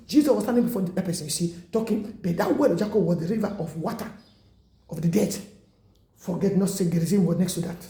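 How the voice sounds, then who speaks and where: High, gravelly man preaching. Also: mellow, reverberant. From Africa. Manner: impassioned, rambling, broken English. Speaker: self-styled preacher. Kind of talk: rambling exhortation. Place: indoors at home.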